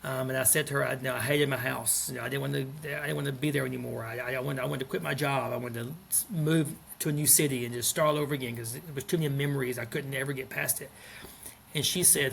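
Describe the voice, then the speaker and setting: Gravelly, gentle man in his fifties. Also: medium pitch, fairly even intonation, fast, slight background noise. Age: 50s. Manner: gentle, earnest, many restarts. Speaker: school principal, guest. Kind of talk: reflective podcast interview.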